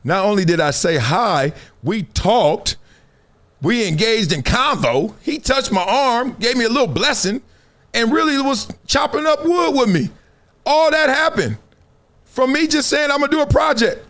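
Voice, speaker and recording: A middle-aged man hosting a live stream, telling a story in lively, slangy casual talk to his viewers. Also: extremely high pitch, measured pace. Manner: animated storyteller, slangy and warm toward viewers. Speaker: show host.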